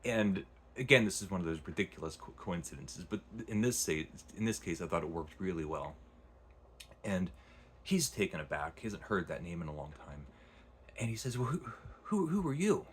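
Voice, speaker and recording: A man's voice: sits low, normal speed, a little hiss or hum. A man casually retelling and reviewing a long novel, rambling with frequent restarts. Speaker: book reviewer. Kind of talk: casual book review vlog.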